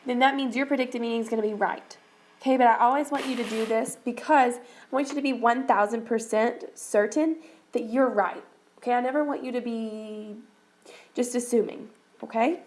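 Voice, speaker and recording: Woman teacher, recorded lesson, slightly high voice, coaxing step-by-step delivery. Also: darkish tone, low-quality recording. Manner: encouraging, repeats okay, talks students through steps. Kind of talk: recorded reading lesson for students.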